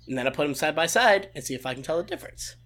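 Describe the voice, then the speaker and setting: Young male guest, high bright voice, animated and eager. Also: rapid-fire. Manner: animated, enthusiastic storytelling. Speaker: guest voice impressionist. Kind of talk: casual interview answers.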